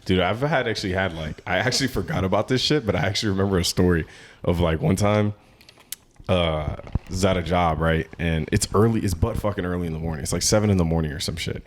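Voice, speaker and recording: A man with a very low voice hosts a laid-back podcast chat. He spins long, rambling stories full of swearing and laughs easily along the way. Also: fast. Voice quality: profane, rambling storyteller. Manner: animated, laughs often while telling stories. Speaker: podcast host. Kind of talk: casual chat.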